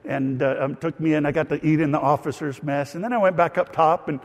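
Pastor, male, folksy self-deprecating sermon storyteller, lightly high voice, reverberant hall. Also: quick pace. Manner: conversational storytelling with asides and self-deprecating humor.

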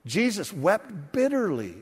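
A middle-aged pastor preaches a sermon, folksily telling family stories and calling his listeners friends. His voice is high-pitched, sing-song, a little slow, with a breathy edge, and a long hall reverb surrounds it.

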